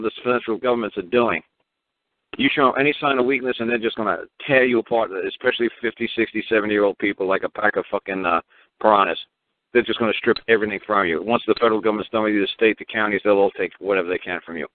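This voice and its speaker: A man hosting a call-in radio show, ranting in a rambling, profane way and repeating himself. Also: on the low side. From New York, Brooklyn. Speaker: radio talk show host. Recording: tinny phone-line radio audio.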